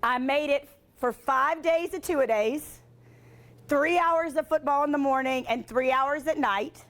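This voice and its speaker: High-voiced chatty woman telling stories. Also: a little slow, fairly bright tone. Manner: chatty, filler-heavy with frequent "like"; self-deprecating humor. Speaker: motivational speaker and sportscaster. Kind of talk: storytelling motivational talk.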